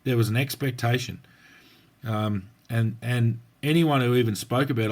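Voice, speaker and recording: A man's voice: mid-range voice, normal speed. Blunt Australian man telling stories. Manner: blunt, colloquial storytelling with slang. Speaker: podcast co-host, former police officer. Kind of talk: casual podcast chat.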